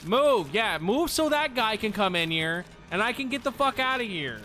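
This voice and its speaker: A man streaming a horror game, yelling and swearing in exasperation at an enemy that blocks his way, then laughing it off. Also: high-pitched, very animated, normal speed, faint music behind. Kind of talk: casual gameplay commentary.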